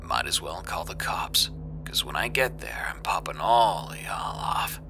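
A man voicing a gruff, threatening man on a phone call in a whispered role-play, low and gravelly. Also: expressive, unhurried, sharp tone, soft background music, heavily acted. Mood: menacing.

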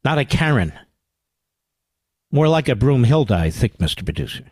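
A man's voice: sing-song, moderate pace, darkish tone, slightly rough, no echo. An older man hosting a political radio talk show, combative and mocking, sarcastic in tone. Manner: swings from low growls to high exclamations. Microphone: studio microphone.

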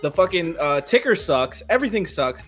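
Drunk, ranting man, high and bright. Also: sing-song, fairly quick. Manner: profane ranting. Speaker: podcast guest. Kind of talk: casual chat.

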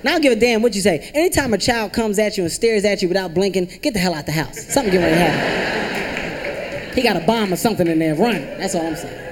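A man performing stand-up comedy with animated, emphatic storytelling. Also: high-pitched, fast. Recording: live club recording with noisy crowd. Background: audience laughter.

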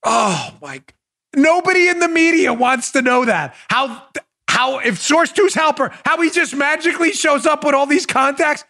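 A man's voice: very high voice, animated, moderate pace, bright, forceful tone. A man in his forties hosting a political commentary podcast, bursting into incredulous exclamations and frequent laughter. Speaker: podcast host.

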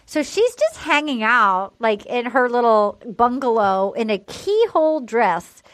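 A woman hosting a podcast, recapping a show in animated, gossipy casual chat full of likes. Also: a little high, unhurried, no room sound. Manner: animated storytelling with frequent likes. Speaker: podcast host.

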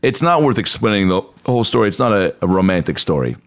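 A man on a comedy podcast joking dryly, often pausing with ums as he gathers his thoughts. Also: low-pitched, big pitch swings. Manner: dry, hesitant with many ums. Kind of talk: casual comedic chat.

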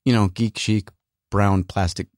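A podcast host who is also a working actor delivers a casual solo rant in a lowish, slightly mellow voice, unhurried and fairly even in intonation. He rambles sarcastically, full of fillers and restarts. The sound is dry and studio-clean.

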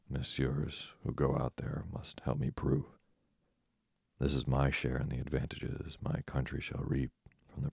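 A man's voice: very deep voice, gravelly, darkish tone, slightly rough, no room sound, studio quality, exaggerated voice. A man reading an audiobook, voicing an eccentric old doctor who speaks in a mumbling, matter-of-fact, imperturbable way. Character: eccentric old male French doctor, calm, probing.

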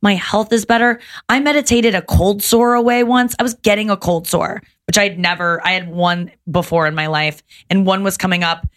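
A woman in her thirties, a podcast guest, telling stories in animated casual chat and swearing often. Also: mid-range voice, normal speed, few pauses. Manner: animated storytelling with frequent swearing.

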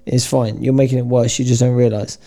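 A man co-hosting a podcast, telling lively anecdotes in casual banter and acting out other people's voices. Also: medium pitch, a little fast. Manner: animated storyteller, acts out voices in anecdotes. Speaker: podcast co-host. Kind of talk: casual chat.

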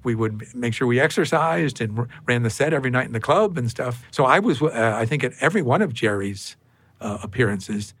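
A man, a comedian, recalling his early days in a relaxed interview. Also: mid-range voice, a little fast. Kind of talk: casual interview.

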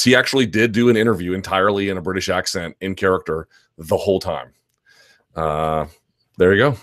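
A man's voice: deep voice, dry recording, clean studio sound. A man hosting a live chat stream, answering viewer questions in a loose, rambling conversational way with restarts and asides.

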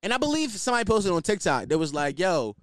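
A young man talks straight into the mic in a loose, ranting monologue, cursing often and getting worked up. His voice sits a little high and swings widely up and down. The sound is close and dry, with no room around it. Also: fast, dry recording. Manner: animated, ranting, swears freely. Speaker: podcast host. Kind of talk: casual solo commentary.

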